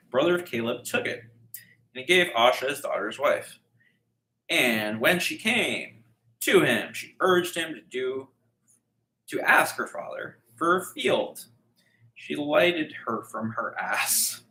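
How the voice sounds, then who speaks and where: A man reads scripture at an unhurried pace in a bright, forceful voice. He trips over unfamiliar names and keeps breaking off for jokey, irreverent asides. The room around him rings with echo. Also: mid-range voice. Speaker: bible reading podcaster. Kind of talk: casual comedic bible reading.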